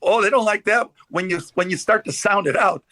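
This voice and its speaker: A man with a fairly high, bright and forceful voice hosting a casual talk. He tells stories with energy and acts out what others said. The sound is close and dry, with no room around it. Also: fairly quick, dry recording. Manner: animated storyteller, acts out quoted dialogue. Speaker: host. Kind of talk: casual discussion.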